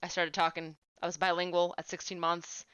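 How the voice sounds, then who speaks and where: Woman in her late 20s, talkative game streamer; low-set, bright, clear voice, dry slightly lo-fi mic. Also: flat delivery, a little fast, no echo. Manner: chatty storyteller, fillers of "like". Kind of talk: casual chat while streaming a game.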